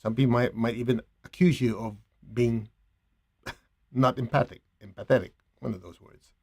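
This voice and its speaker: A man leading a guided meditation and spiritual teaching, speaking calmly and gently in a relaxed, conversational way. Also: mid-range voice. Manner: calm, gentle, unhurried.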